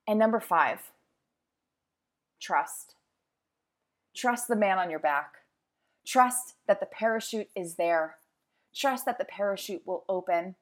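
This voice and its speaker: A woman's voice: mid-range voice, takes it slowly, pauses often. A woman hosting a podcast, speaking in an emphatic, emotional motivational monologue with repeated phrases. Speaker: podcast host.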